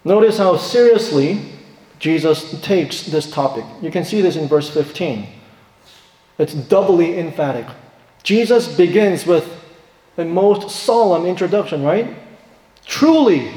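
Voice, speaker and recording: A man preaching a sermon, asking rhetorical questions and stressing key points, then dropping to quiet asides. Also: a little high, animated, moderate pace. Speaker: pastor. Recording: echoey hall reverb.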